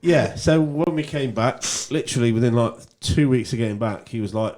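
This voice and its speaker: Mellow-voiced man telling DJ stories. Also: mid-range voice, a little fast. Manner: storytelling, relaxed and rambling. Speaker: DJ guest. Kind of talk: casual radio interview. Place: radio studio.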